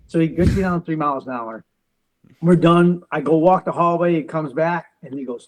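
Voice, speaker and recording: A man with a fairly high speaking voice tells his story as an interview guest. He acts out other people's lines as he goes, and his delivery is defiant and determined. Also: normal speed, poor audio. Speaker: interview guest, military veteran.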